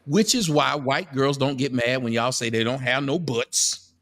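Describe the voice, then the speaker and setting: A man's voice: medium pitch, normal speed, fairly bright tone. A man on a talk show panel, speaking frankly and laying out his view at length. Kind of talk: casual chat.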